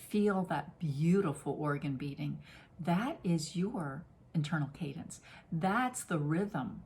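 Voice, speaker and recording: A woman's voice: lowish voice, lively intonation, measured pace, a little mellow. A middle-aged woman giving a casual, effusive spoken oracle card reading, playful and given to sudden exclamations. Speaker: spiritual reader.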